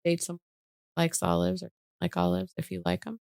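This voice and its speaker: A woman's voice: on the low side, monotone, a little fast, vocal fry, darkish tone, smooth, dry recording, studio quality. A woman co-hosting a podcast in casual chat, mostly chiming in with short supportive replies. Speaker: podcast co-host.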